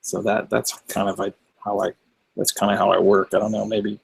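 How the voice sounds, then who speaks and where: A middle-aged man, a record producer, talking about mixing in a relaxed interview, often sliding into a monotone. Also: brisk, no echo, rough recording. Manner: low gravelly husky voice, drifts into a monotone. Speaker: record producer and mix engineer.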